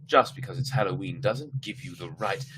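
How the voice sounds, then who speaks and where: A man voicing an angry mother in a storybook reading, raising his voice high to scold. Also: normal speed, background noise, natural voice. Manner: scolding, demanding. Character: shrill angry mother in a down coat.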